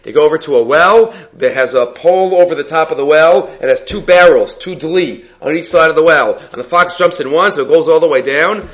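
Guy teaching talmud, animated storyteller, restarts a lot, kinda muffled recording. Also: fairly high pitch, normal speed, hardly any pauses. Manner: animated storyteller, acts out quotes, frequent restarts. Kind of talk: lively text study lecture. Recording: slightly dull lo-fi audio.

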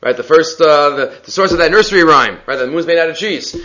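A man teaching a Talmud text study, an animated storyteller who acts out quotes and often restarts his sentences, on slightly dull lo-fi audio. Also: fairly high pitch, fast talker. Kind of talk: lively text study lecture.

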